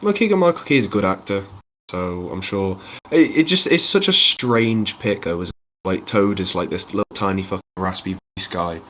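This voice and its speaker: A man's voice: low voice, lively intonation, moderate pace, a bit bright, a little hiss or hum. A man co-hosting a podcast in casual, slangy, jokey banter. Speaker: podcast co-host. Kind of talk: casual chat.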